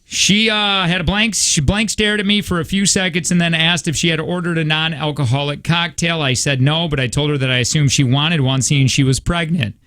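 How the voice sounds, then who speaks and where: A man's voice: a little high, steady tone, brisk, few pauses, pushed and bright. A man hosting a radio show, joking around and reading a story aloud with asides.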